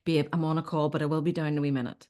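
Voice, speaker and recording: A woman's voice: deep voice, very fast. A woman in her fifties, a relationship coach chatting as a guest and acting out little stories. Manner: animated storyteller, acts out quotes, says "okay?" often. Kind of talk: casual advice chat.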